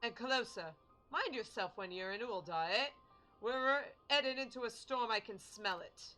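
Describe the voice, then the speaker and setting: A woman voicing game dialogue as a gruff male sea captain with a put-on Cockney accent, swearing and using rough slangy grammar. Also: on the high side, normal speed, bright, forceful tone, faint music behind, poor audio. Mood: warning.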